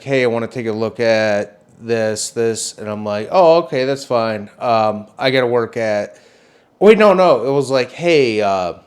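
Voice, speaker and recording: A man co-hosting a podcast, telling a story in casual chat, swearing often and jumping up in pitch when he gets worked up. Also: clear, resonant tone. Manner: animated storytelling, swears a lot, voice jumps up when excited. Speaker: podcast co-host.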